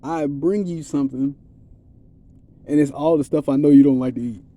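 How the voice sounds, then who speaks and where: A man's voice: fairly high pitch, steady tone, moderate pace, dark tone. A man giving a rambling, streetwise spiritual monologue in a casual, preachy way. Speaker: vlogger.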